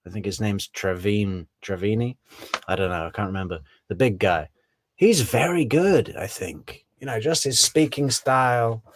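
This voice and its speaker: A man's voice: fairly low pitch, no room sound. A man giving casual, rambling commentary on a true crime case, often correcting himself on names.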